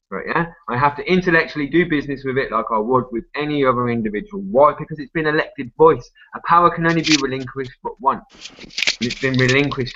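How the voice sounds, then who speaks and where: A man's voice: fairly high pitch, bright, forceful tone, muffled recording. A man, arguing at length in a casual group discussion, full of tag questions, restarts and swearing. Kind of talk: rambling casual argument.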